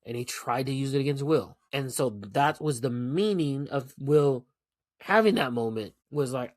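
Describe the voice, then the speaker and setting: A man hosting a solo podcast, talking casually in a blunt, profane, animated rant. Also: mid-range voice, moderate pace, no echo, studio quality. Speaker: podcast host.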